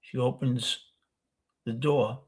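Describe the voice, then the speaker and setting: An older man with a New York accent tells a long personal story in a loose, rambling way. His voice is husky and sits at an ordinary pitch. He stops often to correct himself as he goes. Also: fairly even intonation, slow. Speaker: host. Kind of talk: casual storytelling.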